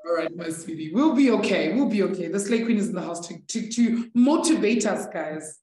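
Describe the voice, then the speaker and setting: A woman's voice: medium pitch, expressive, fairly quick, warm tone. Chatty woman teacher in an echoey room. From South Africa. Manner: chatty, encouraging, laughs with students. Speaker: maths teacher. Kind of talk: live online maths class.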